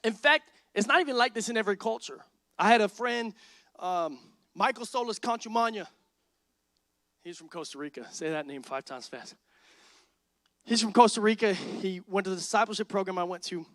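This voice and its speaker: A man's voice: sits high, fairly quick, no echo. A man in his thirties preaching a sermon as pastor, telling stories and acting out both sides of conversations. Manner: animated storytelling, acts out dialogue.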